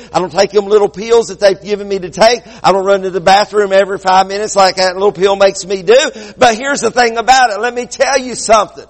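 High-voiced preacher in a reverberant hall. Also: male voice. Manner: preaching with swings from loud and quick to low and slow. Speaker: pastor. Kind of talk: sermon.

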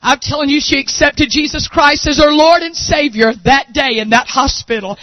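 A male preacher, telling a story in a sermon and building to impassioned shouting. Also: very high voice, moderate pace, few pauses, no room sound, low-quality recording.

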